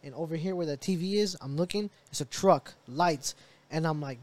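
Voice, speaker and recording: A young man co-hosting a podcast, slightly higher-pitched than most men. He tells stories in a loose, animated chat style and swears freely. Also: fairly quick. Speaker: podcast co-host. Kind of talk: casual chat.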